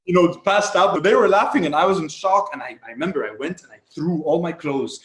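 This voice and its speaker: A man's voice: sits high, lively intonation, fast, fairly bright tone. A young man from Egypt, a podcast guest, telling candid personal stories in a reflective, confessional way with frequent restarts. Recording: roomy echo.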